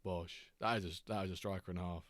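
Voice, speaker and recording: A man hosting a live game stream, chatting casually, greeting viewers and reacting excitedly to player stats. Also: sits low, dry recording. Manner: chatty, reacts to chat readers by name, quick excited asides. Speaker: streamer host.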